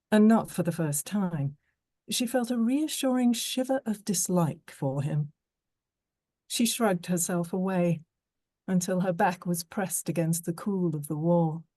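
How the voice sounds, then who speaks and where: A woman reads an audiobook passage on a video call, measured and even. Her pace is slow and her tone mellow. The sound is dry and close. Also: lowish voice, dry recording. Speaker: audiobook narrator in training. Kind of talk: audiobook narration read live.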